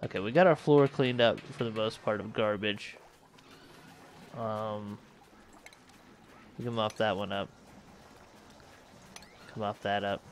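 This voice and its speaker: In a low-leaning voice with fairly even intonation, a man takes it slowly, leaving long pauses, while he runs a space colony in a casual let's play. He thinks aloud and corrects himself, with slight background noise present.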